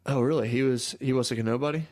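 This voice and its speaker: A man's voice: medium pitch, fast talker, a little mellow. A man in his thirties co-hosting a podcast, telling rambling, crude anecdotes in casual comedic chat. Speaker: podcast co-host.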